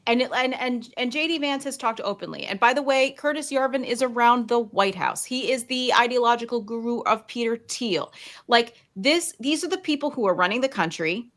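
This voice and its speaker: A woman's voice: a little high, a little fast, a bit bright. A woman hosting a political talk podcast in casual chat, emphatic and blunt, repeating phrases for effect. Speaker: podcast host.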